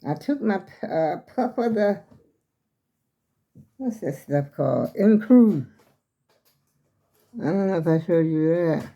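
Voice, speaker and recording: A woman's voice: fairly low pitch, lively intonation, takes it slowly, long pauses, warm tone. An older woman, chatting casually to her viewers as she shows her skirts, a little out of breath. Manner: chatty and rambling, addresses viewers as y'all. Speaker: vlogger showing her clothes.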